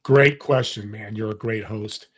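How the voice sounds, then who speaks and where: A man guesting on a podcast, telling an earnest, animated story and acting out the people in it. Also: lowish voice, measured pace, slightly rough. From California. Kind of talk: storytelling interview talk.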